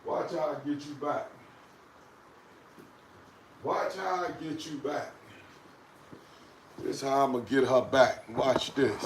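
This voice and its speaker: A man, vlogging and scolding his dog in an animated, repetitive way. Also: medium pitch, slow, long pauses, very echoey, recorded from a distance, a little hiss or hum, poor audio. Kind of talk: casual vlog talk to camera and dogs.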